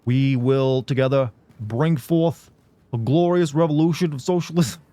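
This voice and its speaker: A man doing an impression of an elderly male politician, who speaks in a pompous, drawn-out speechmaking manner. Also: medium pitch, mellow, no echo, natural voice.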